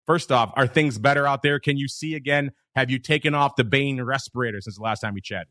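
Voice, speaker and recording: A man's voice: mid-range voice, a little fast, sharp tone, dry recording, clean studio sound. A man hosting a casual markets podcast, joking and talking straight to the listeners. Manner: jokey, upbeat, addresses listeners. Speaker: podcast host. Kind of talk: casual market talk show.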